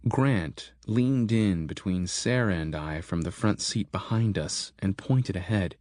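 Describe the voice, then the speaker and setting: A man narrating a horror audiobook in a steady, measured storytelling manner. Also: deep voice, no echo, clean studio sound.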